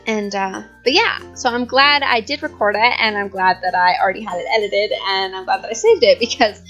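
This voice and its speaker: A woman's voice: mid-range voice, fairly quick, fairly bright tone, faint music behind. A young woman in her twenties chatting casually over gameplay, rambling and giggling, a bit out of breath. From California. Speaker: YouTube host.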